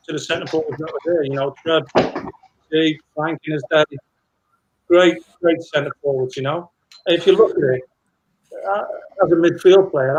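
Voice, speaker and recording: A man's voice: on the high side, muffled recording. A middle-aged man, a former footballer, telling anecdotes in a rambling casual chat with many restarts.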